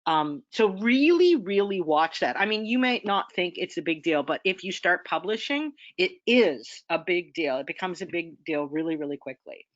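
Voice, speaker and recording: A woman lecturing at a seminar in a relaxed, talky way, often pausing to ask "okay?" and "right?". The sound is dry and a little dull, like a plain lo-fi lecture recording. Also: fairly low pitch, no room sound. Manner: conversational, checks in with "okay?" and "right?". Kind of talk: academic lecture.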